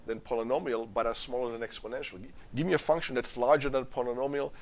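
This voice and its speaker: A man's voice: medium pitch, fairly even intonation, fast. A middle-aged man lecturing as a university professor, emphatic, repeating and restarting words as he quizzes the class. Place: lecture hall.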